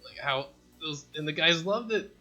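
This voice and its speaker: A man's voice: on the high side, moderate pace, bright, forceful tone, faint music behind. A man who is an indie game developer, rambling and joking at his own expense in a casual dev vlog recorded in his home basement while he programs. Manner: rambling, self-deprecating, joking.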